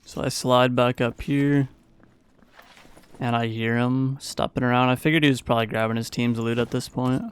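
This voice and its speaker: A man's voice: mid-range voice, fairly even intonation, moderate pace, clean tone. A man giving a casual, playful play-by-play voice-over of his own gameplay as a gaming YouTuber.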